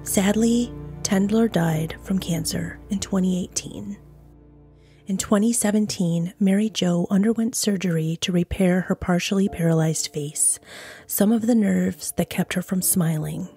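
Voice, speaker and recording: A woman's voice: on the low side, unhurried, warm tone, slightly rough. A woman hosting a true crime podcast, reading a scripted narration with frank, blunt, conversational asides. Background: music.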